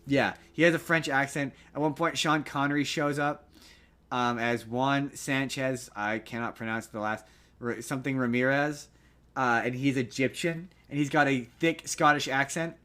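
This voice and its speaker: Male podcast co-host, bright, lively, jokey casual chat. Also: mid-range voice. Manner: animated, jokey, does quick shouted impressions.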